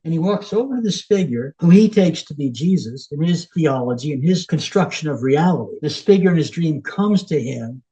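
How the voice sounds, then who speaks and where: A man's voice: fairly high pitch, dark tone, breathy edge, highs cut off. A man as a podcast guest, earnestly retelling a patient's vivid dream in a storytelling manner. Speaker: guest, end-of-life care worker.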